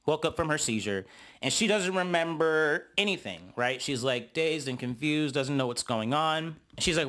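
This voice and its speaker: A young man casually recapping a reality show, animated and jumping up high when he mimics the cast. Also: moderate pace.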